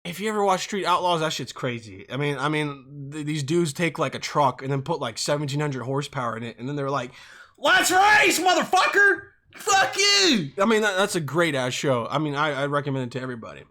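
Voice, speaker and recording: A man's voice: a little high, animated, fast talker, hardly any pauses, a bit bright. A young man in his twenties hosting a solo podcast, rambling and profane, jumping between topics. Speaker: podcast host.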